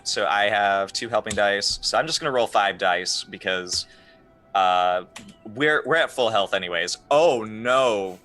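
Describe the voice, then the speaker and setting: A man's voice: on the low side, unhurried, soft background music. A man playing a tabletop game, chatting casually and trailing off while he explains the rules. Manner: animated, hesitant when explaining rules. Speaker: player.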